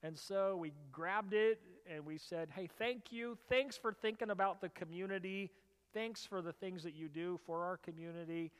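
A man preaching a sermon as a pastor. He tells stories in an animated way and rises to loud, emphatic bursts. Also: sits high, moderate pace, clean tone. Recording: reverberant hall.

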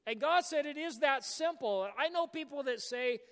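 A man delivering a sermon from the pulpit, his voice sitting high for a man. He preaches with animation and now and then breaks into a shout. The sound carries a long reverb from the church sanctuary. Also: lively intonation, moderate pace, few pauses. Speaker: pastor.

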